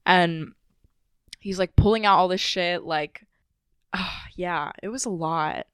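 A woman's voice: on the low side, slow, smooth, no echo, studio quality. A woman podcast co-host telling a personal story in a casual, emotional, rambling way with lots of fillers.

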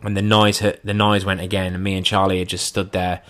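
A man with a fairly low voice tells a story about himself in an animated way. He voices his own lines and his friends' lines as quoted speech, so the telling stays lively. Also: fairly quick. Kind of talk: first-person anecdote.

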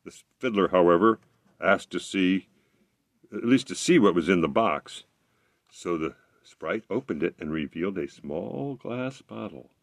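A man with a low voice reading a fairy tale aloud, his pitch rising and falling with lots of life. He stumbles now and then and corrects himself, recorded close with a dry, deadened sound. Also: unhurried, dry recording. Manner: expressive reading with slips and self-corrections. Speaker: storyteller.

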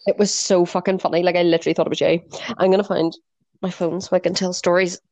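A woman's voice: fairly low pitch, little pitch movement, quick pace, darkish tone, no room sound. A woman in her twenties co-hosting a podcast, chatting casually, swearing freely and filling her talk with "like". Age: 20s. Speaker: podcast co-host. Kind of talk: casual chat.

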